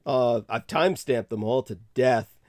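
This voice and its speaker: A man's voice: mid-range voice, a little slow, darkish tone, no room sound, clean studio sound. A man hosting a talk show, delivering a rambling monologue and laughing off interruptions. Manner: long-winded, laughs off interruptions. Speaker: podcast host.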